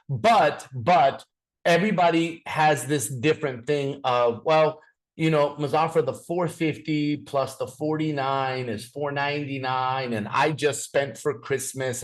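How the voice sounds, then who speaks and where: A man giving a live business training over a video call, speaking directly to his audience and telling stories, often repeating words as he restarts sentences. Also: mid-range voice. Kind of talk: live online training presentation.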